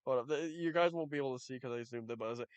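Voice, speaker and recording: A man's voice: medium pitch, racing, smooth, no room sound, highs cut off. A man giving reaction commentary, talking in a profane, mocking and exasperated way. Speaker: YouTube commentator.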